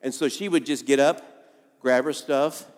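A man's voice: mid-range voice, steady tone, normal speed, long reverb tail. A man preaching a sermon and telling a story, acting out the people in it. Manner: storytelling, acts out quoted voices. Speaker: pastor.

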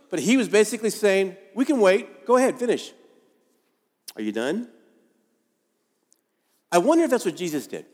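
A man's voice: a little high, in a large hall. A man preaching a sermon and telling a story, acting out the people in it. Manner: storytelling, acts out quoted voices. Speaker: pastor.

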